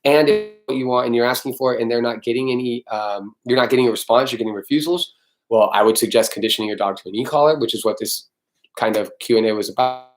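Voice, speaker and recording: A man's voice: medium pitch, fast. Man, dog trainer, live stream Q&A, blunt, swears a lot, casual. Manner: blunt, swears freely, answers viewers by name.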